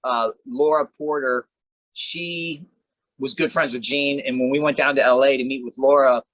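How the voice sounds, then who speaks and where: A man's voice: medium pitch, fairly even intonation, moderate pace, a bit bright, no room sound, rough recording. A man co-hosting a podcast in casual chat, laid-back and rambling, swearing freely and tossing in "man" a lot. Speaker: podcast co-host.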